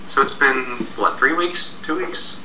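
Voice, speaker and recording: A man co-hosting a casual tech chat, telling stories in a relaxed way with fillers. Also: medium pitch, unhurried. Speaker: co-host. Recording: distant, echoey room with faint noise.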